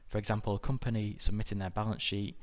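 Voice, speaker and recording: A man narrating a scripted exam-prep lesson in a measured, methodical way. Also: fairly low pitch. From United Kingdom. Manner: measured, even, methodical delivery. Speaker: exam tutor.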